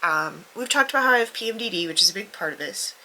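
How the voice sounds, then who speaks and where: A woman's voice: medium pitch, lively intonation, fast, bright, forceful tone, a little hiss or hum, low-quality recording. Stuffy-nosed woman, candid vlog chatter. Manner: candid and self-deprecating, swears freely. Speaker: book vlogger. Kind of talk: casual vlog talk to camera.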